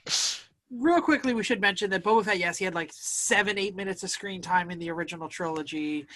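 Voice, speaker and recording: A man's voice: high-pitched, a little fast, pushed and bright. Man eagerly recapping a plot. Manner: recaps plot at length, explaining background. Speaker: podcast host. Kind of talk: casual chat.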